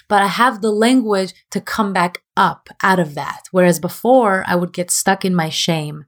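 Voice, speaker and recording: A woman's voice: medium pitch, steady tone, normal speed, few pauses. Candid, self-deprecating woman coach. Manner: open and self-deprecating, laughs often. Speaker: relationship coach, guest. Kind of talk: candid podcast conversation.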